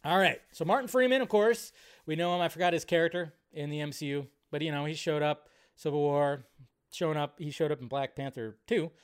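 A man hosting a live movie news show, ranting casually with swearing and big swings between loud and quiet. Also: fairly high pitch, a little fast, clear, resonant tone. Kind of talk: casual live-stream rant.

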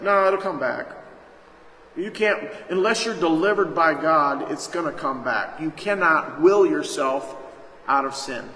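A man's voice: on the high side, lively intonation, measured pace, sharp tone. A man preaching a sermon as pastor, emphatic and calling out to his congregation. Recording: echoey hall, faint noise.

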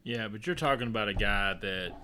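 A man's voice: on the low side, background noise. A man co-hosting a podcast in casual chat, telling jokes and laughing through the punchlines. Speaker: podcast co-host.

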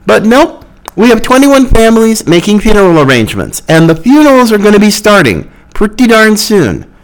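A man's voice: high voice, wildly swooping pitch, moderate pace, poor audio. A man hosting a podcast, giving an impassioned political commentary monologue, arguing and mocking opponents' slogans. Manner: impassioned, argumentative, with mocking quotes. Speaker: podcast host.

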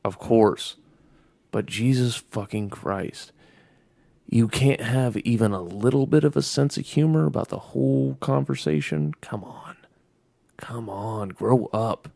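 A man's voice: mid-range voice, unhurried, vocal fry, warm tone, dry recording. A man chatting casually as a podcast co-host, ranting sarcastically and swearing a lot. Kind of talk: casual chat.

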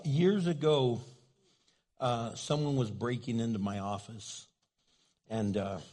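A man's voice: mid-range voice, darkish tone, husky. A man preaching a sermon as pastor, telling a story in a loose, conversational way full of fillers.

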